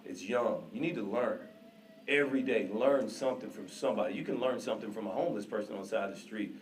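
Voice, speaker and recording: A man's voice: fairly low pitch, fast talker. A man in his thirties giving an earnest, emphatic induction speech from a ceremony stage. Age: 30s. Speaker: hall of fame inductee.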